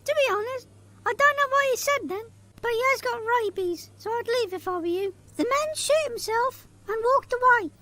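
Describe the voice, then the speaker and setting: A performer voicing a small, crude child who tells a sketch story in a flat, matter-of-fact way. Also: very high-pitched, moderate pace, exaggerated voice. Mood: deadpan. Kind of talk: comedy sketch character.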